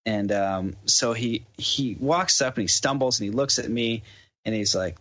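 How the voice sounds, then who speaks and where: A man's voice: on the low side, normal speed. A man from Canada, a podcast guest, casually telling a story and acting out the dialogue. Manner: animated storyteller who acts out the dialogue. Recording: dull lo-fi podcast audio.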